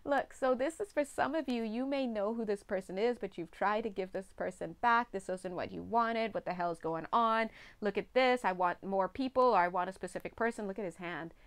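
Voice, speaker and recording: A woman's voice: mid-range voice, fairly quick, few pauses, clean tone. Chatty woman reading tarot. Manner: chatty, laughs often. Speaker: tarot reader.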